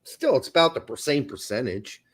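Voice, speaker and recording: A man's voice: mid-range voice, very animated, fairly quick, husky. A man co-hosting a casual soccer podcast, ranting with plenty of profanity. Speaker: podcast co-host. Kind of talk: casual sports chat.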